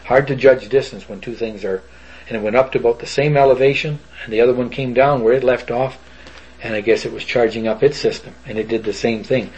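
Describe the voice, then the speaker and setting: An older man with a husky, slightly raspy voice tells a long eyewitness story in a folksy, rambling way, slipping into other people's voices as he goes. It sounds like a dull, lo-fi recording. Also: mid-range voice, fairly even intonation, fairly quick, darkish tone. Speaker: eyewitness recounting a sighting. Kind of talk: casual spoken storytelling.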